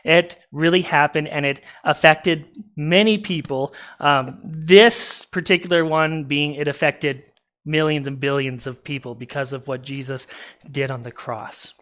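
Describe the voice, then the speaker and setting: Bright-voiced pastor telling a story. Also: male voice, a little high, unhurried. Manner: animated, retells a movie plot to the congregation with laughs and asides. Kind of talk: casual sermon storytelling. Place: church sanctuary.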